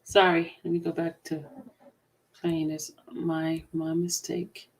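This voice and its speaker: A woman's voice: deep voice, completely flat delivery, slow. A woman hosting commentary, reacting to a book reading with lots of exclamations and talk aimed at her viewers. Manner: laughing, exclaiming, talking to viewers. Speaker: commentary host.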